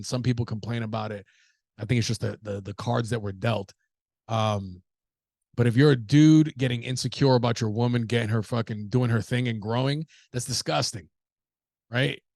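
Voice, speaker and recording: A man's voice: medium pitch, vocal fry, darkish tone, no echo, clean studio sound. A young adult man from the United States hosting a podcast, riffing casually with profanity, jokes and rhetorical questions. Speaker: podcast host.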